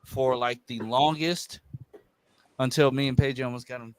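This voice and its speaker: A man guesting on a casual livestream call, animated and quick to restart his sentences. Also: medium pitch. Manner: animated, stumbling restarts, laughs. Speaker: guest streamer.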